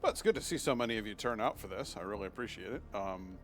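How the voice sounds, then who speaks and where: A man's voice: on the low side, fast, soft background music. A man streaming from home, chatting casually with his viewers. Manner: chatty, swings into excited baby talk with his dog. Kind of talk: casual live-stream chat.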